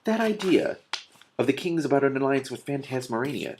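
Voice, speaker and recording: A man's voice: medium pitch, sing-song, a little fast, a little mellow, slight background noise, voice pushed up. A man voicing a pompous prime minister who thinks aloud and then gives orders. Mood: musing. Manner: pompous, thoughtful.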